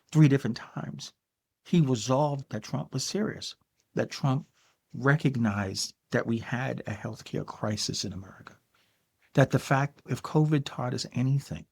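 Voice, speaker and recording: An older man hosts a podcast of solo political commentary, speaking emphatically and addressing the listener directly with frequent "okay"s. His medium-pitched voice is creaky, darkish, and slightly rough.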